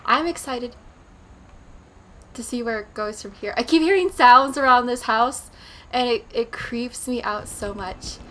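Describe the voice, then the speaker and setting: A woman's voice: fairly high pitch, unhurried, fairly bright tone. A woman hosting a horror game let's play, chatty and nervous, talking to herself as she explores. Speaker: gaming channel host.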